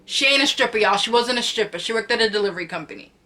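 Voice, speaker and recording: A woman's voice: fairly high pitch, lively intonation, very fast. A young woman vlogger telling a storytime from home to camera, chatty and slangy, repeating phrases for emphasis. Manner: acts out quotes with loud cries. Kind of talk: storytime vlog.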